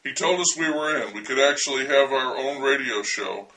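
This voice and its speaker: A man's voice: medium pitch, normal speed, sharp tone, far from the mic, a little hiss or hum, rough recording. A man telling a memoir story with wry, dry humor.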